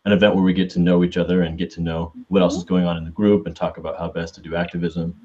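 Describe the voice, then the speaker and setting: Deep baritone man on a dull call. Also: level tone, quick pace, a little mellow. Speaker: group member. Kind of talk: casual meeting talk.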